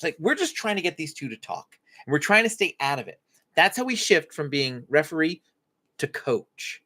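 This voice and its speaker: Lively woman coaching parents. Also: deep voice, moderate pace. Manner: expressive teacher, acts out parent-child dialogue. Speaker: parenting coach and live-stream host. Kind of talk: faith-based parenting Q&A talk. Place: home live stream.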